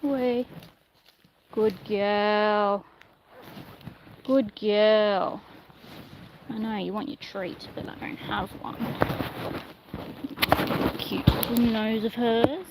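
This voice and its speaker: Woman, slow unhurried speech, soft coaxing praise, casual livestream, noisy outdoor phone audio. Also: medium pitch. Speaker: horse owner livestreaming. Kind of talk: casual livestream chat while training a pony. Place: outdoors in a paddock. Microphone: phone camera held in one hand.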